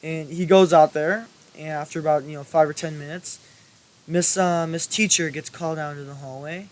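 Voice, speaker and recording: A man's voice: on the high side, fairly even intonation, normal speed, a little mellow. A young man telling a school story in a casual, rambling way, full of fillers and swearing. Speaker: storytelling YouTuber.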